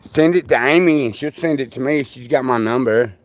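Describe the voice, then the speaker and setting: This is a livestream host, an older man whose mid-range voice moves at a brisk clip. He rambles through folksy tales in a relaxed live chat with viewers.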